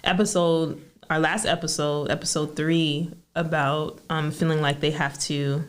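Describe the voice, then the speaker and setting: A woman, a therapist co-hosting a podcast, chatting in a reflective, measured way. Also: low voice, fairly even intonation, clear, resonant tone. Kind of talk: casual chat.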